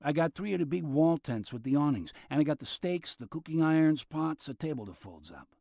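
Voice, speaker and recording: A male narrator voicing a laid-back man with a Mexican accent who speaks in an unhurried, matter-of-fact way. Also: fairly high pitch, lively intonation, gravelly, dark tone, no echo, clean studio sound, pitched above the performer's own voice. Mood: easygoing.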